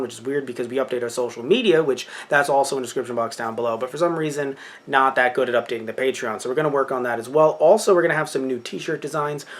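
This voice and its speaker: A man's voice: on the high side, fairly bright tone. Chatty young man rambling through updates. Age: 20s. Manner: rambling, chatty, corrects himself mid-sentence. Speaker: channel host. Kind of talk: casual channel update.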